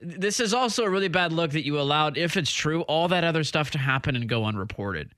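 Bright-voiced male sports radio host. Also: fairly high pitch, expressive, no echo, studio quality. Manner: quick, joking banter with laughs. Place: radio studio. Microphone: studio mic.

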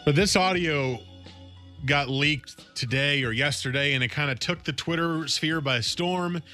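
A man hosting a sports talk radio show, talking in a conversational, animated way and often restarting his phrases. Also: fairly high pitch, unhurried, faint music behind. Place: radio studio.

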